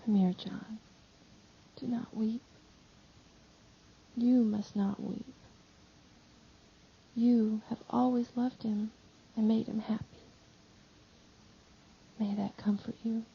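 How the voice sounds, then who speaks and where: A woman voicing a gentle, heartbroken grieving mother who speaks softly in short, paused sentences. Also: medium pitch, steady tone, husky. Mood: tender. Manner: soft, hushed, speaks in short pauses as if panting. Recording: slightly dull lo-fi audio.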